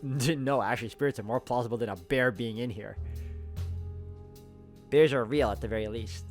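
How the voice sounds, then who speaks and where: A man's voice: medium pitch, moderate pace, pauses often, faint music behind. Man reading a story game aloud. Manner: chuckling asides between steady reading. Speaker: let's-play host. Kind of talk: reading a visual novel aloud with commentary.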